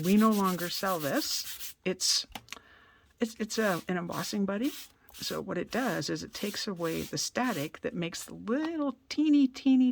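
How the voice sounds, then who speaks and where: A woman's voice: on the low side, gravelly, a little hiss or hum. A woman from Canada giving a casual card-making tutorial in her basement studio, chatty and self-deprecating, thinking aloud as she works. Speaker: craft demonstrator.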